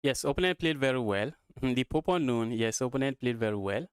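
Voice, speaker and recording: A young man from Nigeria calls a live chess game with a smooth, resonant voice, mumbling through his calculations as he plays. He keeps talking to his viewers as "guys". The sound is dry and close to the mic, with no room around it. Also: mid-range voice, lively intonation, a little fast, dry recording. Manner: thinks aloud, muttering lines of play, often addresses viewers as guys. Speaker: chess streamer. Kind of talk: live-streamed chess commentary.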